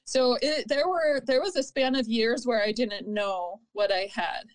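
A woman in her thirties telling her own story in an interview, candid and earnest, pausing and restarting often. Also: fairly high pitch. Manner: halting, with frequent fillers and restarts. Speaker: interview guest.

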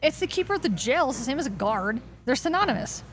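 A woman's voice: high voice, very animated, quick pace. A woman chatting casually, telling stories animatedly with exclamations and lots of laughter. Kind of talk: casual chat.

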